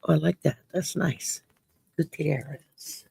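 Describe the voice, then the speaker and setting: A woman's voice: sits low, fairly even intonation, takes it slowly, vocal fry, mellow, slightly rough, no room sound. A woman from Louisiana with a Cajun accent, hosting a casual late-night stream, reading cards for viewers with salty jokes and cussing. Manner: salty, jokey, swears freely and laughs often.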